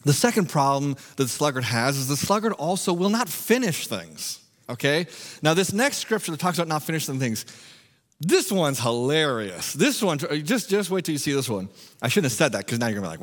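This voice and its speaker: A man preaching a sermon in a humorous, animated, self-mocking way. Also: on the high side, a little fast, big-room sound. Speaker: pastor.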